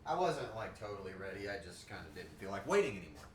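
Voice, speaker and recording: A man's voice: on the low side, very animated, recorded from a distance, a little hiss or hum. A man chatting casually while cooking live on stream in his home kitchen, rambling and joking, laughing easily and swearing now and then. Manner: rambling, jokey, quick to laugh. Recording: echoey kitchen, voice from afar.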